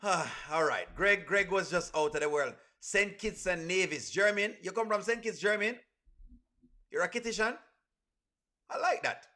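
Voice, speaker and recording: Casting: chatty male live-stream host, high, bright voice, reading viewer comments aloud. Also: expressive, measured pace. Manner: reads viewer comments aloud, shouting out cities; chatty, addresses viewers as friends. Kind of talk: casual live stream chat.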